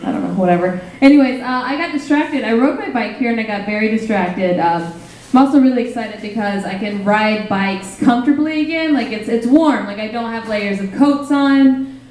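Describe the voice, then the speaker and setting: A woman's voice: fairly high pitch, lively intonation, normal speed, a little mellow. Rambling woman doing stand-up. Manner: rambling, self-deprecating, lots of fillers. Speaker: stand-up comedian. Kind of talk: stand-up comedy set. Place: small cafe stage, live audience. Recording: roomy live cafe recording.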